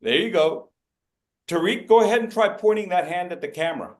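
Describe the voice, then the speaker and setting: A man's voice: high-pitched, expressive, fairly quick. A man leading an interactive public speaking workshop over a video call, coaching participants by name and acting out gestures with playful voices.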